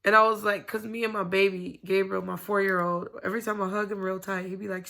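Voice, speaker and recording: A woman's voice: medium pitch, level tone, a little fast, gravelly, hardly any pauses, pushed and bright. A woman vlogging to camera from home, talking in a candid, rambling way and swearing freely. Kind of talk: casual confessional chat to camera.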